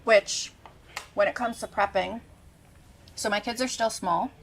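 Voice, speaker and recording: A woman's voice: mid-range voice, steady tone, unhurried, slight background noise, low-quality recording. Casual, enthusiastic cooking host; woman in her thirties tasting and describing food. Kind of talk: casual cooking show chat.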